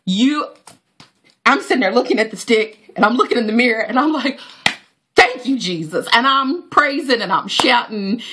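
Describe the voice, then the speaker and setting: Woman, thirties, bright voice, chatty vlog storytelling, devout. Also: on the high side, normal speed, slight background noise. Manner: heartfelt, religious, chatty with many fillers. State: near tears. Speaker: vlogger. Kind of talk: personal storytelling to camera.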